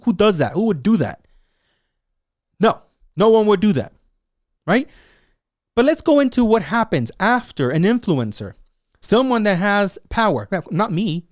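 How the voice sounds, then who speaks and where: Excitable man with a dry, close sound. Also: high-pitched, dry recording. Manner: excitable, sarcastic, acts out quotes in mocking voices. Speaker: show host and commentator. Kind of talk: animated solo commentary.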